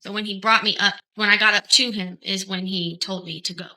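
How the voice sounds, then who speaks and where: Brief: woman defendant giving hesitant courtroom testimony, bright tone. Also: mid-range voice, steady tone, rough recording. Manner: hesitant, halting answers.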